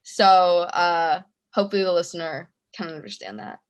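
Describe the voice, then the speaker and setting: A woman's voice: fairly low pitch, normal speed, smooth. A young adult woman being interviewed about her music, talking casually with lots of fillers and laughing through her stories. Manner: chatty, laughing storyteller with many fillers. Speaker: musician guest.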